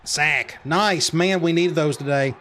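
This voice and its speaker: A man's voice: on the high side, unhurried, a bit bright. A man casually narrating his own football video game, muttering play calls and reacting as he goes. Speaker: gaming commentator. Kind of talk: casual let's-play commentary.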